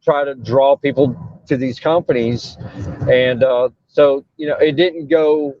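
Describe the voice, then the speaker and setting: A man's voice: medium pitch, steady tone, a little slow, no room sound, muffled recording. A man, a wrestling referee, talking casually in an interview over a breaking-up mobile call, rambling with lots of fillers and restarts. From Texas. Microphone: phone while traveling.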